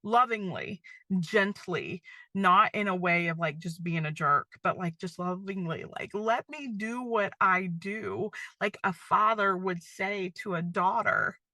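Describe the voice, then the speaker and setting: Chatty middle-aged woman, bright and dry. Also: on the low side, unhurried, dry recording. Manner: chatty, many fillers like "um" and "like". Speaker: podcast host. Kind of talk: casual faith-based podcast monologue.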